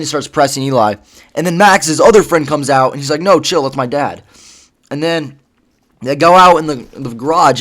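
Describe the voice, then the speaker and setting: A man's voice: medium pitch, a bit bright. A man casually retelling a story, rambling with lots of fillers and swearing. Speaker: vlogger.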